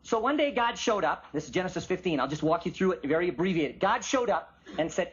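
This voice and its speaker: A man giving an animated Bible teaching and acting out the voices of biblical figures. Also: on the high side, fairly quick, few pauses, breathy edge. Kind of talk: teaching sermon with acted quotes. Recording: muffled lo-fi recording of a talk.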